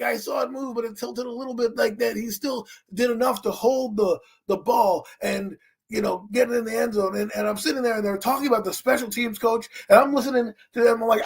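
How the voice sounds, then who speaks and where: A man co-hosting a sports talk show, telling a game story with excitable swings from low muttering to loud outbursts. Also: vocal fry, slightly rough. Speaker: co-host. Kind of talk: animated sports chat.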